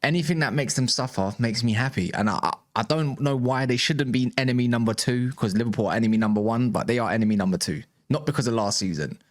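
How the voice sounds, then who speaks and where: A man's voice: medium pitch, fast talker, few pauses. A man who makes football reaction videos, chatting casually and chuckling with amusement.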